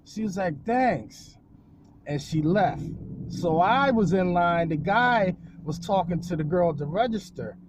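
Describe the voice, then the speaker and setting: A man vlogging outdoors, telling a rambling, jokey story in a casual, animated way. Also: sits high, normal speed, noisy background. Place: outdoors on a windy day.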